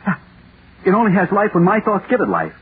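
A man's voice: medium pitch, sing-song, normal speed, lightly acted. A man playing a frantic haunted author. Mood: feverish. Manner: feverish, pleading, rising to panic. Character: frantic male author haunted by his creation. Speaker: lead actor. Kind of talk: 1930s radio horror acting. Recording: tinny, hissy 1930s radio broadcast.

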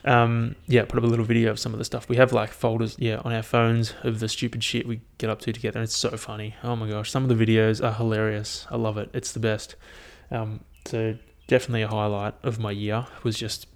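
A man's voice: on the low side, monotone, fairly quick, creaky, few pauses. Rambling, swearing young man. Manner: rambling, profane and laughing at his own stories. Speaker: vlogger. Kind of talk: casual solo year-review chat. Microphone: headphone mic.

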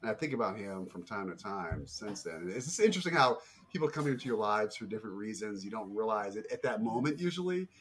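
A middle-aged man hosting a podcast, telling stories in a casual, animated way. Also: quick pace, hardly any pauses. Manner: animated storyteller, jumps up in pitch for quotes. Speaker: podcast host. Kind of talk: casual conversation.

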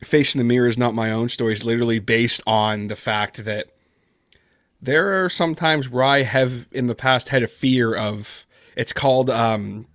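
A man's voice: medium pitch, normal speed, fairly bright tone, no room sound, studio quality. A man talking casually in an interview, rambling with lots of fillers and self-deprecating asides. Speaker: podcast guest, horror narrator.

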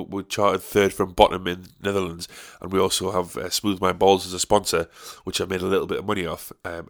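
A man hosting a podcast, ranting alone in a profane, sarcastic way. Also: low voice. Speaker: podcast host. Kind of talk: solo podcast rant.

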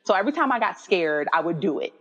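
A woman in her thirties telling a personal story in casual conversation, often acting out her own past words with leaps in pitch. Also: quick pace, slightly rough. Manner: animated, quoting herself with high-pitched voices. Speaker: guest. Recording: dull audio with long reverb.

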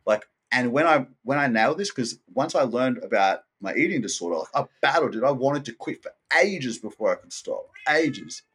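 A man's voice: medium pitch, lively intonation, moderate pace, few pauses, a bit bright, breathy edge. A man talking as a podcast guest in a candid, rambling way, swearing often and restarting his sentences. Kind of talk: candid casual conversation.

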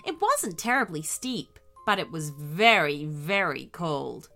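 A woman reading a bedtime story aloud in a slow, expressive, gentle way. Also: low voice, faint music behind.

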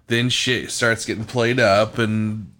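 A man's voice: fairly low pitch, steady tone, takes it slowly, a bit bright, slight background noise. A man co-hosting a podcast in casual chat. He talks in a laid-back, slangy way and swears casually. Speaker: podcast co-host.

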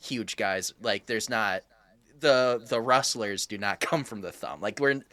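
A man's voice: lowish voice, unhurried, bright, forceful tone. A man hosting a casual conversation, musing aloud in an easygoing, rambling way.

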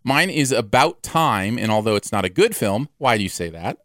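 A man hosting a podcast in casual chat, animated and jumping up in pitch when excited. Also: normal speed, dry recording, studio quality. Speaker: podcast host.

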